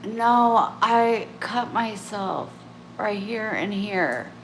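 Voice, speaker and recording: Speaking extremely slowly in an expressive mid-range voice, a woman chats to camera for her vlog, meandering, breaking off mid-thought, and being candid about herself. The echoey room has faint ambience and a little hiss or hum.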